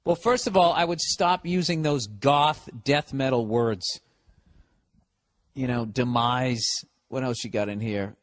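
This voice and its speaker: A man's voice: mid-range voice, moderate pace, hardly any pauses, dry recording, studio quality. A man with a Boston accent hosting a podcast, giving rambling, profane, sarcastic advice in a casual comedic monologue. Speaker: podcast host. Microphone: podcast studio mic.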